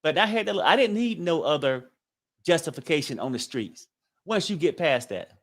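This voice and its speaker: Animated man talking candidly. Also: on the high side. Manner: candid, slangy, quick to laugh. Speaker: guest. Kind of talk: casual chat.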